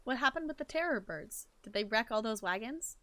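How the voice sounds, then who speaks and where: A woman's voice: a little high, expressive, fairly quick, a bit bright. A woman game streamer chatting casually as she plays, thinking aloud and laughing often. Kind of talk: casual chat while playing a game.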